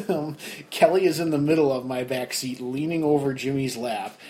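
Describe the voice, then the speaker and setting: A man's voice: medium pitch, moderate pace. A young man co-hosting a podcast, telling a story in a casual chat and acting out his friends' lines along the way. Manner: animated storyteller who acts out friends' voices. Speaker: podcast co-host.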